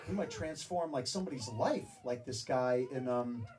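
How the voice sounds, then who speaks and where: A man telling an animated story to a live audience, swearing freely. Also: mid-range voice, moderate pace, slight background noise. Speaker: speaker at a live event. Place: venue with audience. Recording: distant mic, audience laughing.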